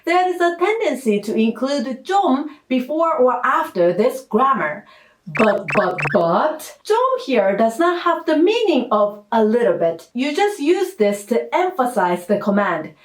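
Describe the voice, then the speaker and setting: A woman teaching a language lesson in a clear, patient way, with playful asides. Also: high voice, very animated, unhurried. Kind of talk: scripted lesson narration. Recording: roomy echo.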